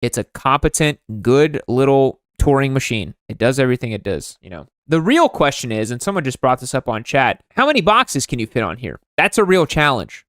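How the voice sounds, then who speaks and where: A young man hosting a comedic livestream, roasting viewers' motorcycles in a sarcastic, mock-exasperated way, his voice jumping high when outraged. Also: sing-song, fairly quick, hardly any pauses, a bit bright, no echo, studio quality.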